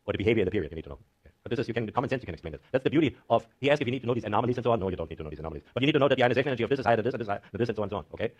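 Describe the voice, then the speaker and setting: A man's voice: medium pitch, racing, lo-fi sound. A man giving a chemistry lecture to a class, often asking the students questions and checking in with "okay?".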